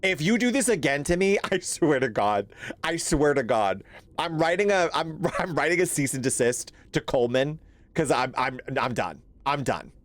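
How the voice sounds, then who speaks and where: A man's voice: fairly high pitch, expressive, moderate pace. A young man giving jumpy, profane let's-play commentary on a horror game, laughing and complaining at the game. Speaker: gaming streamer.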